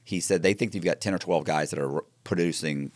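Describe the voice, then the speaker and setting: A man telling his story in an interview, animated and acting out the dialogue with frequent restarts. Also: sits low, brisk, no room sound, clean studio sound. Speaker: interview guest.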